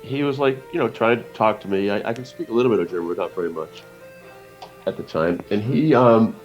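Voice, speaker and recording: A man's voice: lowish voice, brisk, faint music behind. Profane rambling man, lo-fi podcast. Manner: profane, rambling storyteller with lively quoted voices. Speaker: guest cartoonist. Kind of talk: casual podcast conversation. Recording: dull lo-fi podcast audio.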